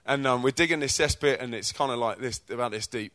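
A British man preaching to young people, telling stories from his own life in a chatty, energetic way. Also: medium pitch, fast, dry recording. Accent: British English. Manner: energetic, chatty storyteller who acts out quotes. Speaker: speaker at a youth church event. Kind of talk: testimony-style preaching with stories.

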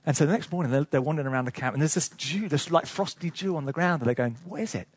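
Male preacher, sermon; high husky voice, chatty storytelling with chuckles. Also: rapid-fire, no room sound. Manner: lively storytelling with chuckles, asides to the congregation.

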